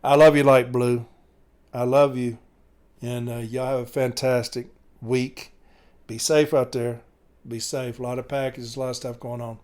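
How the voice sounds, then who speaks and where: A male podcast host gives his listeners a casual, folksy goodbye. His voice is smooth and resonant. He keeps it at a steady, level pitch. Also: normal speed. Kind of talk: casual sign-off.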